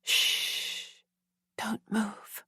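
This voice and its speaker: A woman voicing a tender rescuer who soothes an injured woman in a smooth, sweet, breathy whisper. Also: high voice, expressive, slow pace, dry recording, studio quality, voice pushed up. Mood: hushing. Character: tender gentle savior at a bedside.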